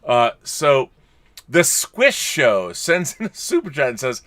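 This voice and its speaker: A man's voice: medium pitch, sing-song, takes it slowly, a bit bright, no room sound. A middle-aged man co-hosting a casual, tipsy live-stream chat, reading viewer messages with jokey, stumbling restarts. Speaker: podcast co-host reading super chats.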